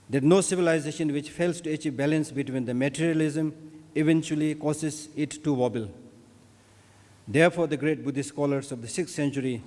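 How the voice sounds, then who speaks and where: A man's voice: on the high side, darkish tone. Man speaking in a reverberant hall. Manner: measured, deliberate delivery with emphatic repetitions. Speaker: speaker at an opening ceremony. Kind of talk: formal speech on Buddhism and knowledge.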